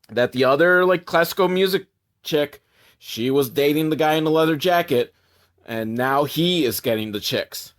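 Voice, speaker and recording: A man's voice: a little high, normal speed. A man doing a sarcastic, profane comedic movie recap as a reviewer.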